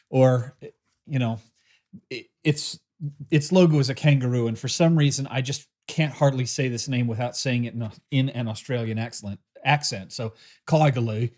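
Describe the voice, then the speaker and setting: Relaxed, mellow-voiced man reviewing a pen. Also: medium pitch, normal speed. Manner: relaxed, chatty, hesitant with many fillers. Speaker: pen reviewer, channel host. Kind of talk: casual product review.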